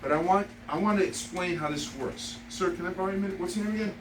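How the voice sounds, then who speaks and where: High, emphatic man pitching a seminar crowd. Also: fast. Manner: energetic, emphatic, banters with the audience. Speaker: sales seminar speaker. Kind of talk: live seminar presentation with audience volunteers. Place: seminar room with audience. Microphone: distant from the mic. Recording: distant noisy room recording.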